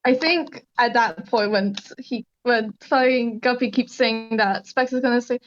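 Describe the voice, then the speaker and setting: A woman's voice: on the high side, measured pace, few pauses, dull audio. A woman casually describing her character's actions in a tabletop role-play, rambling and swearing.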